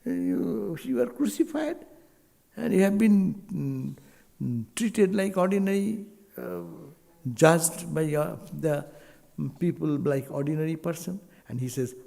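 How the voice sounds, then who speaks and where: Man, gravelly, dark mellow tone, emphatic sermon, reverberant hall. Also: a little high, lively intonation. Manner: slow, emphatic delivery with Sanskrit terms and rising exclamations. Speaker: swami giving a spiritual talk.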